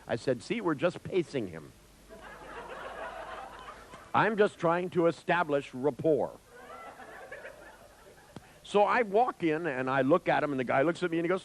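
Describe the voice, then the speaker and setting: A man telling an anecdote in a lecture, acting out the voices with big jumps in pitch, swearing now and then and laughing at his own tale. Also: big pitch swings, moderate pace, pauses often, a little hiss or hum, low-quality recording. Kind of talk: storytelling in a lecture.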